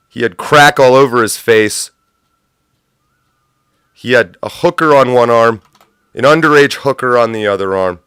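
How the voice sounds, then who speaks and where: Male stream host, mid-pitched voice, smooth and crisp, dry close sound; riffs crude, sarcastic rants. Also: a bit bright, no echo. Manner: sardonic, profane riffing; rambling absurd tangents. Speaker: livestream host. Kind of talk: comedic political commentary.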